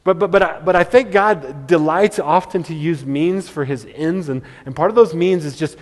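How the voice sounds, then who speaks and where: A man's voice: on the high side, moderate pace. A man preaching a sermon as pastor. He speaks emphatically and often repeats words as he restarts. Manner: emphatic, with stammered word repeats. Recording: long hall reverb.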